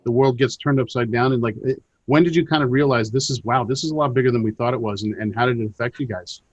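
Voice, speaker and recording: A man's voice: medium pitch, husky, dry recording, lo-fi sound. A man hosting a casual online interview, talking with restarts and repeated words. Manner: fast, hesitant, repeats words.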